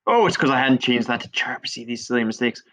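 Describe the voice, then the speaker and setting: A male teacher walking through a coding tutorial step by step, chatty and relaxed, shrugging off his own small mistakes. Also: medium pitch, quick pace. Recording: dull lo-fi screen recording.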